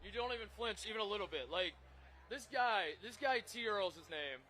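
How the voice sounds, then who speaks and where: A man's voice: sits high, moderate pace. A man from the northern United States, co-hosting a casual chat in a bar and telling stories animatedly with frequent laughs. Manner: animated storyteller, laughs often. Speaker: co-host. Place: crowded bar.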